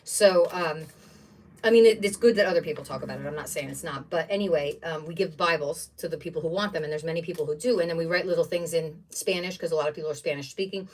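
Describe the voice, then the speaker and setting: A woman's voice: sits low, quick pace, far from the mic. Chatty woman rambling over her crafts. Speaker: craft livestream host. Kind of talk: casual chat while unboxing craft supplies.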